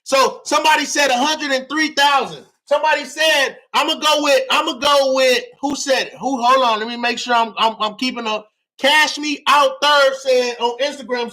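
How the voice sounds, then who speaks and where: Hyped high-voiced man preaching to his livestream. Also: bright, forceful tone. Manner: hyped, preachy, repeats himself, drops AAVE slang. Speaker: livestream host teaching real estate. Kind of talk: livestream teaching talk to viewers.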